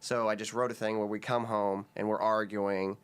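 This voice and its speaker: A man with a fairly low voice talks casually as a podcast guest. He rambles through his stories, restarting sentences and piling up fillers. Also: level tone, moderate pace, clean tone. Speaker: sketch comedian guest.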